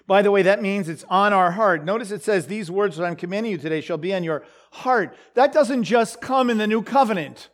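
High-voiced man teaching scripture. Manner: halting, full of fillers and restarts, asks the listeners questions. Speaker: preacher. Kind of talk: conversational Bible teaching.

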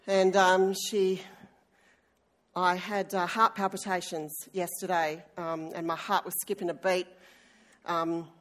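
A middle-aged woman, a church elder preaching a sermon in a chatty, self-deprecating way with frequent ums, recovering from an illness. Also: medium pitch. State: recovering from illness, may cough. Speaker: church elder and worship leader.

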